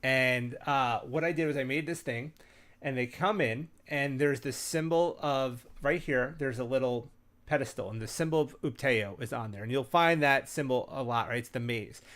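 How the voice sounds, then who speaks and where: Rambling, animated male game-master host. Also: mid-range voice, normal speed. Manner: rambling, with frequent fillers and restarts; animated storyteller. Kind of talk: casual chat.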